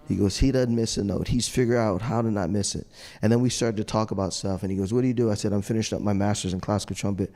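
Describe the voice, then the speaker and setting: A middle-aged man telling an animated story to an audience, acting out the voices he quotes and laughing often. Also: fairly low pitch, fast talker, vocal fry. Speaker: trumpet player on a judges panel. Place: large hall. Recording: long reverb of a large hall.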